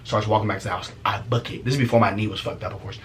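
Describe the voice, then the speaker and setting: A young man casually telling a story as a vlogger, profane and animated, laughing often. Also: fairly low pitch, racing, slight background noise.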